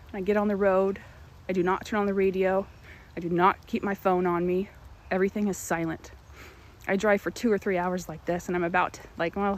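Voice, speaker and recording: Woman telling a personal story. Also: medium pitch. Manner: animated storytelling. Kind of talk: personal testimony.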